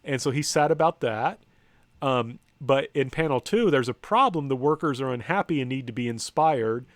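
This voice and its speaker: A man from the U.S. lectures from slides in a mid-range voice with lively intonation and a moderate pace, captured without echo. He speaks informally and hesitantly, with lots of ums, false starts, corrections, and wry asides.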